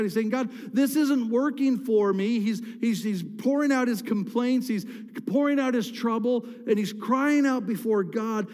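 In a reverberant church sanctuary, a man with a high-pitched, slightly mellow voice preaches as pastor. His sermon stays conversational with the congregation, though he sometimes breaks into impassioned cries.

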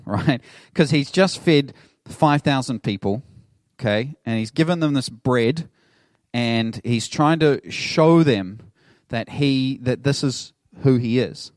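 A man's voice: mid-range voice, unhurried, no room sound, clean studio sound. A middle-aged man, a pastor preaching a sermon in a casual, conversational way, acting out the people in his story. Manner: conversational, animated storytelling with laughs.

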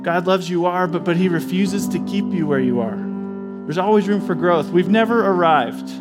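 A man preaching a sermon, animated, acting out God and Moses in quoted voices. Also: high-pitched, moderate pace, loud music behind the voice. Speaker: pastor.

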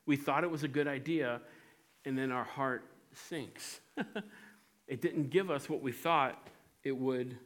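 A man preaching a sermon, telling stories in an animated way with frequent restarts. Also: medium pitch, measured pace, long pauses. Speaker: pastor.

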